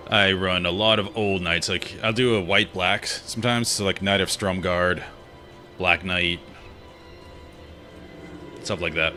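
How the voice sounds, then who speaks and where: A man streaming a game while chatting casually in a relaxed, rambling, opinionated way. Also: sits low, moderate pace, few pauses. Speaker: gaming streamer. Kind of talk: casual chat while playing. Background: game music.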